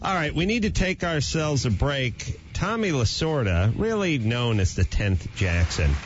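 A man's voice: mid-range voice, big pitch swings, unhurried. A man hosting a radio talk show, joking wryly and steering the conversation. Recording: dull lo-fi radio broadcast audio.

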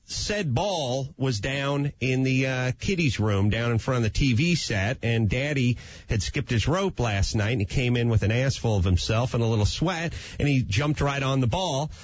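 Husky man telling a lively comic story. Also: mid-range voice, moderate pace, muffled recording. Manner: animated, playful, self-mocking. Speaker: talk show guest.

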